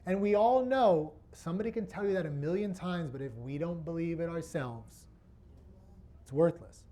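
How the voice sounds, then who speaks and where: A man's voice: fairly high pitch, normal speed, warm tone. A man presenting a workshop to an audience, asking rhetorical questions as he teaches. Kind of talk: interactive teaching talk.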